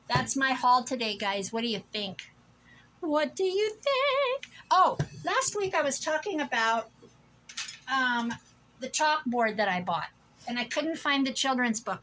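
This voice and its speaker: Talking to the camera at home, this middle-aged Iowa woman gushes and rambles about what she found thrifting. She has a fairly bright, higher-pitched voice. The audio is poor, with a little background noise.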